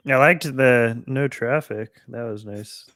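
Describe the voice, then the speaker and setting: A man co-hosting a casual basketball chat, laid-back and quick to laugh, breaking down plays like an analyst. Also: mid-range voice, a bit bright, dry recording, clean studio sound. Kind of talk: casual live game chat.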